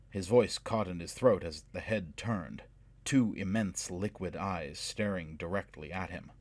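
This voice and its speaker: A man narrates a fantasy adventure in a measured, dramatic storytelling voice. His voice sits fairly low. The recording is close and dry, with no room sound. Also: dry recording. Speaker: audiobook narrator. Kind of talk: scripted narration.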